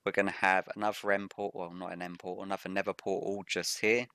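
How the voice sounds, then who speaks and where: A man hosting a game Let's Play with a rough morning voice, explaining each step methodically as he plays. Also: sits low, flat delivery, fast talker, bright, forceful tone, dry recording. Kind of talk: gameplay commentary.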